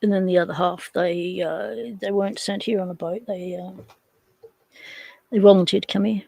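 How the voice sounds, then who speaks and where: An Australian woman with a gravelly, fry-edged voice chats casually on a livestream. She rambles and answers viewers while working on hardware with her hands, in a dry, close-sounding setting. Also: medium pitch, steady tone, normal speed, warm tone, no echo, low-quality recording. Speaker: livestream host.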